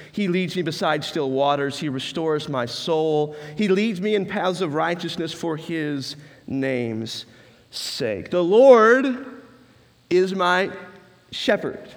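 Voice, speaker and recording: A man's voice: on the high side, in a large hall. A man preaching a sermon as pastor, earnest and building emphatic lists with rising stress.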